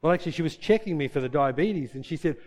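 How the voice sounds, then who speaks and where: A man's voice: on the high side, animated, fast, a little mellow. A man preaching a sermon in a chatty style, acting out little dialogues as he goes. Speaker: pastor.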